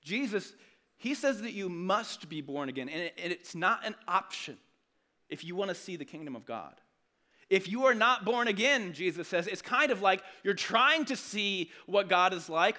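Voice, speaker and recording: A man delivers a sermon in a conversational, earnest way, restarting phrases as he goes. His voice sits high and sounds bright and forceful. He swings from loud emphasis to quiet, low asides. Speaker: pastor.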